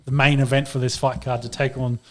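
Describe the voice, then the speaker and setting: An Australian man co-hosting a sports podcast, talking in a relaxed, somewhat hesitant way. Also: medium pitch, fairly quick. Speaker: podcast co-host. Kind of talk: casual chat.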